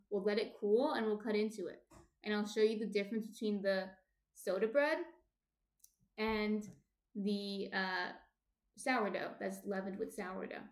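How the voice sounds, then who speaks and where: Unhurried and a touch bright, this medium-pitched woman from New Jersey streams baking from a home kitchen with an echoey sound. She casually reads viewer comments aloud, drifting along with fillers and frequent restarts.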